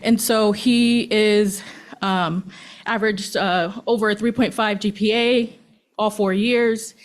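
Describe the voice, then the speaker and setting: Nervous woman praising a student. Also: medium pitch. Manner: halting, with many ums, gets emotional. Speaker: school staff presenting a student award. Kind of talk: nervous unscripted speech at a board meeting. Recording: public meeting room.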